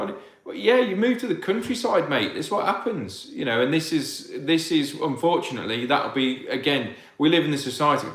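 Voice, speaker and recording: A man's voice: on the high side, big pitch swings, normal speed, hardly any pauses, fairly bright tone. Farmer guy ranting on a live q&a, rambly, lots of restarts, echoey room. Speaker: farmer hosting viewer Q&A. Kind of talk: casual livestream chat reading viewer questions.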